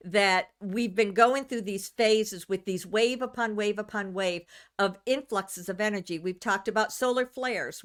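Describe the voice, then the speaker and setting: A woman's voice: medium pitch, fairly bright tone. A woman from the United States, a channeler hosting a live stream, chatting casually with viewers, rambling, restarting sentences and greeting people by name.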